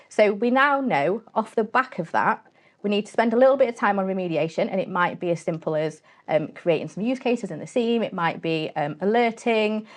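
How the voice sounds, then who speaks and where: A woman's voice: mid-range voice, expressive, brisk. A woman, the guest, explaining her work in a casual, straight-talking interview chat and acting out little bits of dialogue as she goes. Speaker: guest, cybersecurity company CEO.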